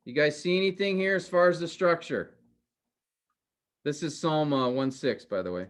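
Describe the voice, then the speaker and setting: Male instructor, slightly high voice, chatty lecture style, keeps questioning the class. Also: expressive, normal speed. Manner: conversational, quizzes students with questions. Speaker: teacher.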